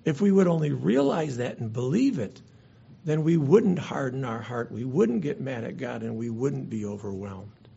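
Preaching in an earnest, conversational manner, this pastor sometimes starts his words over. He has a mid-range, expressive voice at normal speed that is creaky, husky and warm in tone. The recording is dull and lo-fi.

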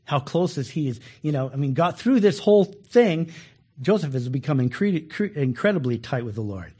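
A man leads a casual Bible study, his voice set a little high. He teaches in a folksy, animated way and punches up the lines he quotes. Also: normal speed, husky.

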